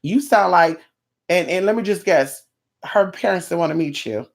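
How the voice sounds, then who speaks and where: A woman's voice: lowish voice, normal speed, gravelly. A woman ranting in a casual vlog, sassy and blunt, with plenty of profanity and mocking asides. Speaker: vlogger.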